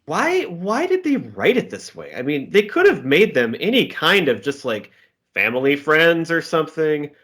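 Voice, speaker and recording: Man, bright voice, lively pitch, casual podcast chat, laughs often. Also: normal speed, breathy edge. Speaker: podcast co-host.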